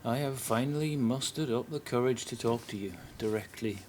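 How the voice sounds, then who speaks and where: A man's voice: medium pitch, normal speed, a little mellow, slight background noise. A man with a northern English accent giving casual commentary for a game guide, hesitant and a bit nervous, with many ums and uhs. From northern England. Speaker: video game guide maker. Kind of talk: casual first-time commentary.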